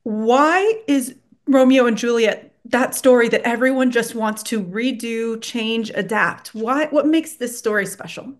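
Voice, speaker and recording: Woman host doing an interview, giggly, self-deprecating, tongue-tied at times, somewhat high voice. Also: unhurried. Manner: giggly, self-deprecating, stumbles over words. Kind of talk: casual interview.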